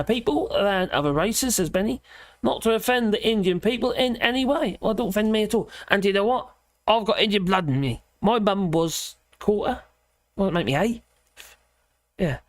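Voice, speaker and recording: Lively high-voiced man chatting. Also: normal speed, dry recording, studio quality. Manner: rambling, chatty, opinionated. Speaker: livestream host. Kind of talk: casual livestream chat reading viewer comments.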